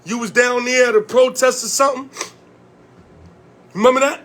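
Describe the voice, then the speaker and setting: High-voiced man ranting into the camera. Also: fairly even intonation, normal speed, fairly bright tone. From Connecticut. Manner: confrontational, profane, hammering repeated questions. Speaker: vlogger and community organizer. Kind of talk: heated direct-to-camera rant.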